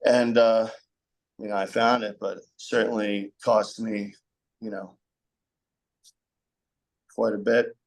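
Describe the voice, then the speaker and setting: A man's voice: lowish voice, little pitch movement, slow pace, vocal fry, pauses often. A young man as a podcast guest, talking frankly in a rambling conversational way, with many fillers. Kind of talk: candid conversational storytelling.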